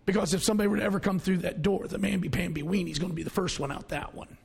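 A man with a drawl preaches to his congregation in a folksy, chatty way, shouting some points and hushing others. His voice is high for a man, with a gravelly, husky edge. The sound carries the long reverb of a church hall. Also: steady tone, rapid-fire. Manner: folksy, conversational preaching with sudden loud outbursts and hushed asides. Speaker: pastor. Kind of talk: sermon.

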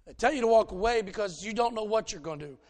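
A man's voice: high voice, expressive, fast, a little mellow. A man preaching a conversational sermon in a folksy, plainspoken way, telling stories to make his points.

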